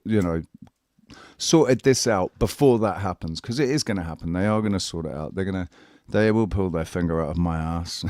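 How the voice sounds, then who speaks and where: A man's voice: lowish voice, darkish tone, no room sound, clean studio sound. A man hosting a casual online panel who speaks earnestly and lectures his guest, with many restarts. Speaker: channel host. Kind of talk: casual chat.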